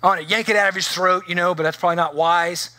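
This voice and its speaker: A middle-aged man preaching a sermon as pastor, telling stories in an animated way and acting out the voices of the people in them. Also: high-pitched, fast, no echo. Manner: animated storytelling with acted-out voices.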